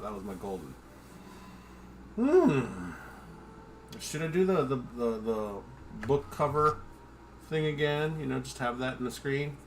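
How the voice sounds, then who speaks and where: A slight hiss or hum sits under this man's mid-range voice as he hosts a casual home livestream over drinks. He rambles, curses freely, cracks self-deprecating jokes, and addresses his dog.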